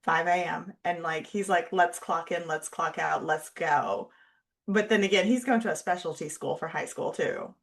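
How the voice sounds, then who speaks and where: A woman's voice: lowish voice, normal speed, creaky. A woman co-hosting a podcast in casual chat, wry and joking, with lots of "like". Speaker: podcast co-host.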